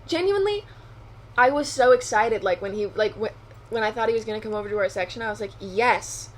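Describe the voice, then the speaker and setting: A young adult woman co-hosting a podcast, chatting casually with quick asides and frequent laughter. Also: medium pitch, steady tone. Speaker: podcast co-host. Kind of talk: casual chat.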